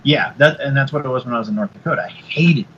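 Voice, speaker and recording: A man chatting casually, cutting in with quick banter. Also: mid-range voice. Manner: quick interjecting banter, lively intonation. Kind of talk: casual chat. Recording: dull lo-fi sound with faint background noise.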